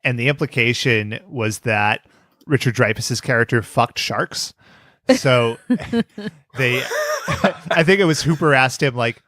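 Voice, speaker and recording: A man's voice: mid-range voice, animated, measured pace, pushed and bright, no room sound, studio quality. A man co-hosting a podcast, chatting casually with wry jokes and puns. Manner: wry, jokey, fond of puns. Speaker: podcast co-host. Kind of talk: casual chat.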